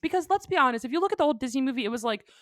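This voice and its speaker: A woman's voice: sits high, lively intonation, rapid-fire, fairly bright tone, dry recording, clean studio sound. A woman host in casual chat, telling stories and giving firm opinions in a chatty way.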